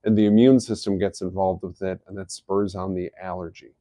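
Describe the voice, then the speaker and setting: A man's voice: sits low, flat delivery, brisk, mellow, no room sound, clean studio sound. A middle-aged man hosting a live health talk, explaining in an easygoing, casual way. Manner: easygoing, explanatory, chuckles at his own jokes. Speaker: host of a health live stream.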